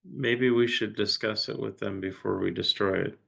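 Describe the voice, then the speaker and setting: A man's voice: lowish voice, fairly even intonation, creaky, fairly bright tone, breathy edge. A man playing a tabletop role-playing game, speaking hesitantly as his character. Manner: hesitant, halting. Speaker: player.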